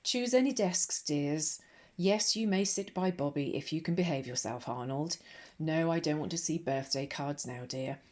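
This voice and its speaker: A woman with an English accent voicing a brisk, imposing and arch female headmistress in an ASMR audiobook reading, giving loud, firm orders to a class. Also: deep voice. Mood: commanding. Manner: loud firm commands, crisp directions.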